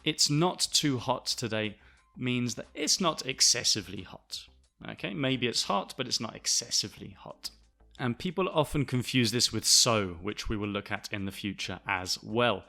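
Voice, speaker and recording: A man from the south of England explains English words to learners in a bright, forward voice. He speaks with a Southern English accent at a steady middle pitch. He is clear and deliberate and spells words out letter by letter. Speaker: English teacher, podcast host.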